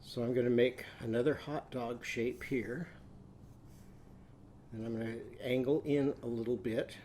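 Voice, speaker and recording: A man's voice: mid-range voice, fairly even intonation, mellow, slight background noise. Patient man teaching a children's drawing lesson. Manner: slow, patient step-by-step instructions.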